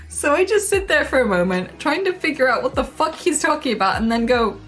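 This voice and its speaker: A woman with a fairly high voice reads memes aloud on her stream and reacts to each one. She laughs often, swears freely and throws in quick asides. Faint music plays behind her. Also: lively intonation.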